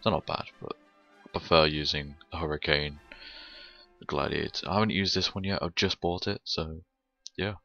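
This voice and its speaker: A man's voice: a bass voice, level tone, moderate pace, creaky, bright, forceful tone, highs cut off, soft background music. A young British man giving rambling, casual gameplay commentary, swearing a lot and chuckling often.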